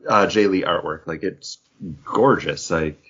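A man's voice: sits low, a little slow, a bit bright, breathy edge, lo-fi sound. A man co-hosting a casual comics podcast, rambling with lots of fillers and joking asides. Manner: rambling, filler-heavy, jokey. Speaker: podcast co-host.

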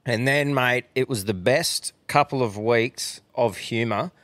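A young Australian man spins a loose, profane yarn for his mates, laughing often along the way. His voice sits at an ordinary middle pitch and comes through dry and close, with no room echo. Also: measured pace, a bit bright. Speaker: podcast co-host. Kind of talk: casual chat.

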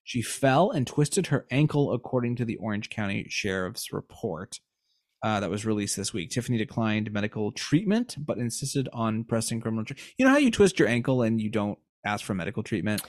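Young man, podcast co-host, sarcastic, going hoarse, dry close sound. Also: on the low side, very animated, brisk, no echo. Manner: joking, sarcastic asides. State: losing his voice. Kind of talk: casual chat, reading a news story.

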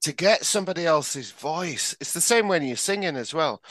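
A man's voice: on the high side, lively intonation, normal speed, fairly bright tone, dry recording. A man co-hosting a comedy podcast, chatting casually, joking and laughing often. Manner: jokey, laughs often, does puppet voices. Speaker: podcast co-host.

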